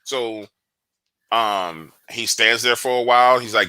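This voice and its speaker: Bright-voiced slangy man telling a story. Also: fairly low pitch, unhurried, no echo. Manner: animated storyteller, slangy, profane. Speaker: guest investigator. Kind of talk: casual podcast conversation.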